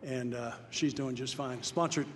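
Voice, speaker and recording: Speaking a little slowly in a mid-range voice, an older Nashville man tells his recovery story before an audience in a large hall. He's plain-spoken and earnest, rising into loud, emphatic lines, and the recording carries long reverb with faint noise.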